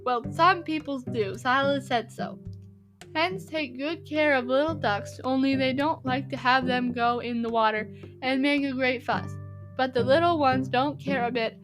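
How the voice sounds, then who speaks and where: A woman's voice: sits high, measured pace, over music. A woman voicing a bored young boy who recites his composition in a sing-song tune.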